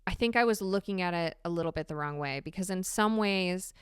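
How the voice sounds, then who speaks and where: A woman hosting a solo podcast, talking candidly and swearing freely with animated emphasis. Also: on the low side, brisk, smooth, no room sound, studio quality. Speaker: podcast host. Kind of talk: casual solo podcast monologue.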